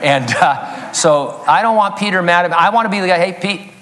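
Man, pastor, sermon, jokey asides, slightly high voice, long reverb. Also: expressive, fairly quick, fairly bright tone, a little hiss or hum. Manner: joking asides, chuckles at own jokes. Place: church sanctuary.

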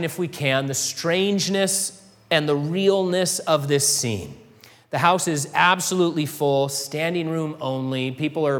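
A male pastor delivers an earnest, conversational sermon, his somewhat high voice ringing with a long reverb through a church sanctuary. He asks his listeners rhetorical questions as he preaches.

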